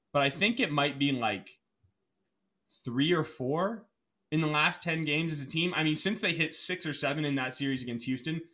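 Steady man reading off sports stats. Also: fairly high pitch. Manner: steady, reads out stats, calms his partner. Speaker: podcast co-host. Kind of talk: casual sports talk.

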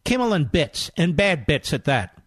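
A man's voice: fairly high pitch, big pitch swings, moderate pace, husky, no room sound, clean studio sound. A middle-aged man hosting a political talk radio show in a mocking, combative monologue.

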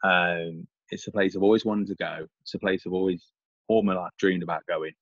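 A man's voice: sits low, fairly even intonation, fairly quick, no room sound, dull audio. A middle-aged English man in casual chat, rambling with many restarts and repeats. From England. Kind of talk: casual chat over a call.

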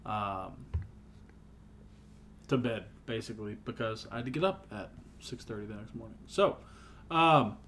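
A young man co-hosting a casual podcast, playful, joking and now and then slipping into a booming announcer voice. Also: a little slow, long pauses, a bit bright, slight background noise. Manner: playful, slips into a booming over-the-top announcer voice. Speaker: podcast co-host. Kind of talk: casual chat with goofy announcer bits.

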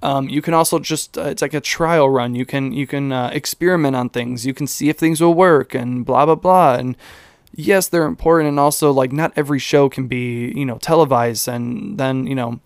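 A man's voice: mid-range voice, moderate pace, dry recording, studio quality. A young man hosting a casual solo podcast, rambling and cursing, with lots of fillers and self-mocking asides. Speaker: podcast host.

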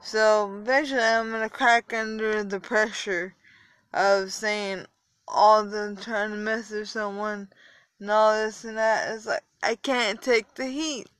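A young adult woman podcaster, a little tired, rambling casually with halting pauses and fillers. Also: mid-range voice, fairly even intonation, fairly bright tone, dry recording. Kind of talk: casual solo podcast talk.

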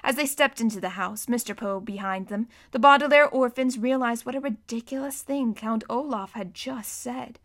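A woman narrates a storybook aloud with a bright, clear tone and a fairly high voice. Her reading is expressive, leaning into the drama of each scene. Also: moderate pace, hardly any pauses. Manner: expressive, acting out the characters. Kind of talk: audiobook narration.

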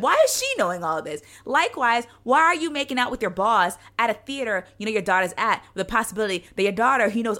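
A woman co-hosting a podcast, recapping a TV show in blunt, casual chat with a lot of swearing. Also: mid-range voice. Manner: animated, blunt, swears freely. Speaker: podcast co-host.

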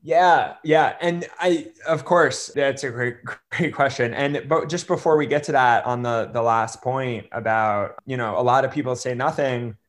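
A young man talking earnestly in an interview, with halting restarts and many fillers, at times choked up. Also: medium pitch. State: choked up with emotion. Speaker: guest. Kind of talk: conversational interview.

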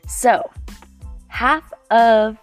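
A woman's voice: on the high side, drawn-out words, faint music behind. A woman in her thirties hosting a podcast, telling a personal story in a chatty, rambling way and laughing often. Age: 30s. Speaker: podcast host. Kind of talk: casual storytelling.

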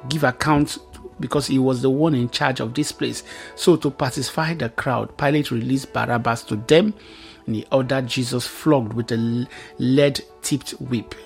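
A man's voice: mid-range voice, gravelly. A man preaching a Bible teaching sermon, reading scripture aloud and explaining it with emphatic repetition.

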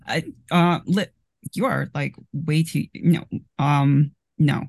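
A player with a gravelly, husky voice who plays a character in a tabletop game and reacts with flustered, profane disbelief. The sound is dry and close. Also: medium pitch, fairly even intonation, slow pace, a little mellow, no room sound.

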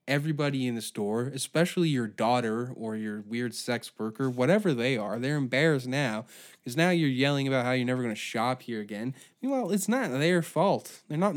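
A man hosting a podcast, ranting through a sarcastic, profane comedic monologue. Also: mid-range voice. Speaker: podcast host.

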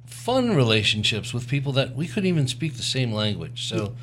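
A man's voice: medium pitch, sing-song, normal speed, fairly bright tone, a little hiss or hum. A man in his sixties co-hosting a podcast, chatting casually and joking with his wife. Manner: easygoing, joking. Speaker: podcast co-host. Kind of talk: casual chat with spouse.

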